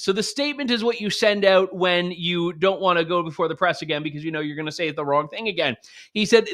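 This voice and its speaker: A man's voice: high-pitched, pushed and bright. A man hosting political news commentary, speaking in an opinionated and sarcastic way, full of mocking asides.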